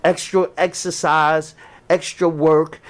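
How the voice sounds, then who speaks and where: A navy veteran with a New York accent and Jamaican family roots tells military stories as a guest on a podcast. His voice is fairly high with little pitch movement, and he speaks slowly in casual slang, often restarting sentences during the relaxed storytelling chat.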